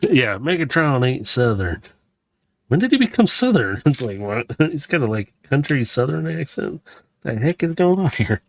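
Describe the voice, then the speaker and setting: A man's voice: mid-range voice, expressive, normal speed, vocal fry, no room sound. A man from Missouri chatting casually and rambling a little as he narrates a Lego build for his channel. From Missouri, USA. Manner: rambling and chatty, with frequent fillers and self-corrections. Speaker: vlogger building a Lego set. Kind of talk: casual running commentary while building.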